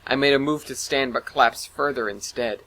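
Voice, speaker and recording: A man's voice: medium pitch, brisk, a bit bright, rough recording. A man narrating a first-person science fiction style story, dramatic in delivery.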